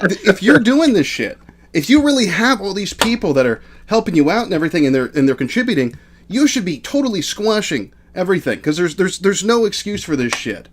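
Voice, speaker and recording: A man's voice: sits high, sing-song, brisk, a little hiss or hum. A man hosting a live stream, in a furious, profane argument with a guest. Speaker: stream host.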